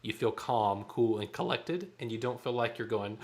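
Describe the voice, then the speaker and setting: Choir director counting off beats. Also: male voice, mid-range voice, fairly even intonation, moderate pace. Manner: counts off beats and sings lines to demonstrate. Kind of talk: choir rehearsal instruction.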